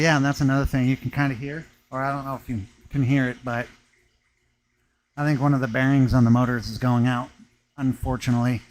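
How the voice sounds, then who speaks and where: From his stone-working workshop, a man hosts a casual live chat with viewers, laid-back and slangy and laughing often. His voice is mid-range, and the audio is poor.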